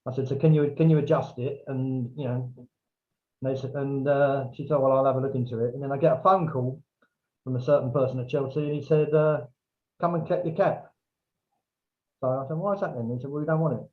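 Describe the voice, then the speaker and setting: A man tells a long casual anecdote as a podcast guest, bringing in other people's lines in lively, raised voices. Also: mid-range voice, brisk. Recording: dull, lo-fi remote audio.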